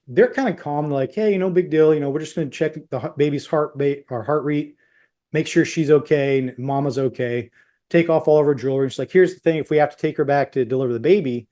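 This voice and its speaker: A man's voice: medium pitch, darkish tone. A middle-aged man, a podcast guest, telling a personal story in an intense, tumbling way and acting out the dialogue.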